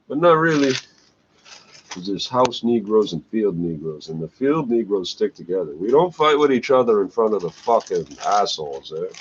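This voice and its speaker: A man, going on an agitated, profane, rambling rant. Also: medium pitch. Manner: agitated, swearing, trailing "eh?". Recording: dull lo-fi recording, faint noise.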